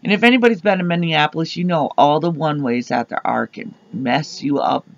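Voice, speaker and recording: A woman co-hosting a podcast, telling an animated, rambling story full of fillers on a dull lo-fi recording. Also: low-pitched, a little fast, creaky, dry recording. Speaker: podcast co-host. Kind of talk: casual storytelling chat. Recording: dull lo-fi sound.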